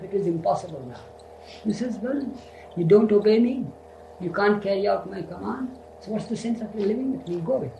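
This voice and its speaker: A man's voice: sits high, lively intonation, creaky, mellow, a little hiss or hum. Older guy telling old stories, lots of "you see", stops and restarts, echoey room. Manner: halting, repeats words, frequent "you see". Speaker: devotee recounting memories. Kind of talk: reminiscing storytelling.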